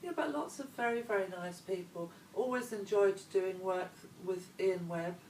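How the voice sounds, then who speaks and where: A woman's voice: mid-range voice, moderate pace, a little mellow, a little hiss or hum. A woman, chatting as an interview guest in a rambling, conversational way. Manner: chatty, meandering, trailing asides. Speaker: interview guest, former model. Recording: echoey room, voice picked up from a distance.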